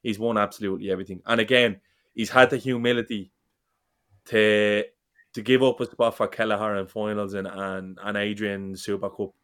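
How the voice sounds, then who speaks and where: A man's voice: lowish voice, steady tone, normal speed, a bit bright, clear, resonant tone. A man, co-hosting a football fan chat, talking passionately, rambling and swearing freely.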